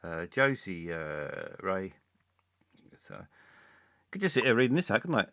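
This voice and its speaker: A man hosting a comic live stream, rambling along with halting speech full of fillers and restarts. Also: low voice, very animated, a bit bright, no echo.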